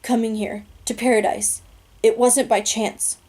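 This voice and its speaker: A woman's voice: a little high, level tone, unhurried, a little mellow. A woman reading the lines of a dying older male mentor, speaking in a weak whisper. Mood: faint, tender.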